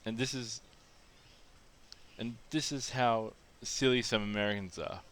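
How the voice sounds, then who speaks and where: A man from Australia tells a casual, rambling anecdote, restarting phrases and drifting into asides. His voice sits at an ordinary middle pitch and has a smooth, resonant tone. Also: unhurried, fairly bright tone. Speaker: vlogger telling anecdotes. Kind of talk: casual storytelling monologue.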